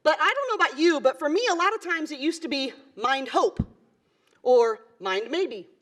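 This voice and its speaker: A woman's voice: sits high, animated, moderate pace, fairly bright tone. A middle-aged woman coach giving a motivational conference speech in an earnest, conversational way, with many fillers and asides. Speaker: basketball coach giving a talk. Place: conference hall.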